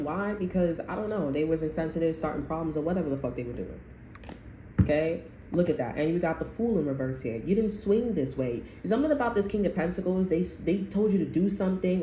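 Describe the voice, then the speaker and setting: A woman's voice: sits low, warm tone. A woman doing a casual tarot reading, blunt and profane, rambling and repeating herself, recorded in a roomy space. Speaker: tarot reader. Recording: roomy echo with faint noise.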